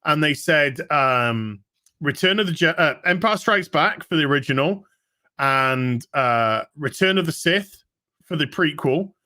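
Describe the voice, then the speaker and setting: A man's voice: on the high side, a little slow. A man, casually reading viewer messages on a livestream with jokey asides and sudden outbursts. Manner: animated, jokey, with sudden shouts. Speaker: livestream co-host reading super chats.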